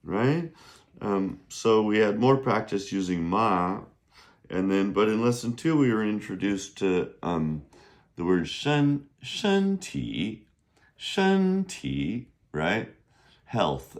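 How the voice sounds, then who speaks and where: A man's voice: low voice, lively intonation, measured pace. A middle-aged man teaching a casual video lesson on Chinese, chatty and rambling, often checking in with "right?".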